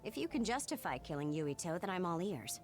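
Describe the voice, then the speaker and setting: Calm reasonable young teammate, measured, lively pitch, soft music behind. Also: female voice. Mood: reasoning. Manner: measured, reassuring. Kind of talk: video game voice acting.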